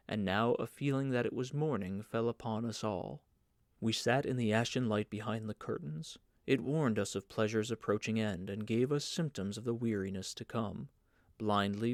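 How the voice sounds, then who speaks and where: A man narrating an audiobook of a novel in an even, measured reading. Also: on the low side, no room sound, studio quality. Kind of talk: scripted narration.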